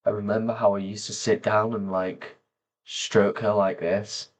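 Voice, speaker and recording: A man talking slowly and softly to camera, pausing often as he reflects on personal memories. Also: lowish voice, little pitch movement. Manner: slow, soft-spoken, pausing often. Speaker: vlogger.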